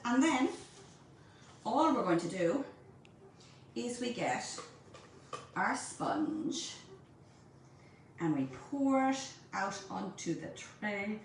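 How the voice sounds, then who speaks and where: Lively Irish woman in an echoey kitchen. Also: medium pitch, extremely slow, long pauses, far from the mic, a little hiss or hum. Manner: chatty, playful, addresses viewers directly. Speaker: baking teacher. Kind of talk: home baking demonstration. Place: home kitchen.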